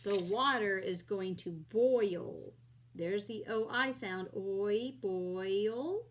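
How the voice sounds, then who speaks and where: Slow, patient woman teaching phonics. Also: mid-range voice, fairly bright tone, a little hiss or hum. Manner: slow, patient, sounding out letters and vowel sounds. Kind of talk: phonics lesson for young children.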